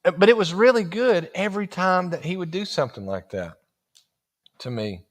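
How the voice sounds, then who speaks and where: A man telling a folksy story from the pulpit. He speaks in a fairly high voice, acts out the dialogue and keeps the telling animated. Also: moderate pace. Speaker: guest preacher. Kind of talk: storytelling sermon.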